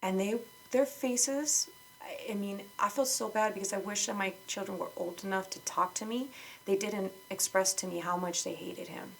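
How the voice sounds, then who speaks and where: A woman's voice: medium pitch, fairly even intonation, normal speed, vocal fry, slight background noise, rough recording. A woman guest on a podcast, candidly telling her own story in conversation, outspoken and frank, with lots of fillers and restarts.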